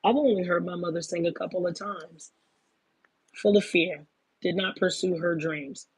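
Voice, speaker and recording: A woman's voice: on the low side, moderate pace, slightly rough, no room sound. A woman in her fifties giving a casual spiritual monologue, emphatic and profane, often calling listeners "baby.". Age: 50s. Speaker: spiritual talk host.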